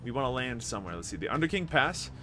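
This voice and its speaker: Animated man narrating a video game. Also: mid-range voice, fast, soft background music. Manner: animated, reads dialogue aloud with excitement. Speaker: gameplay video host. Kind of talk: reading game text aloud and commenting.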